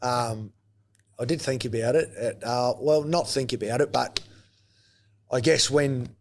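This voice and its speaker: A man from New Zealand with a broad Australian-tinged New Zealand accent, talking casually as an interview guest, relaxed and hesitant with frequent ums. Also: medium pitch, unhurried, a little hiss or hum. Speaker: guest, former rugby league player.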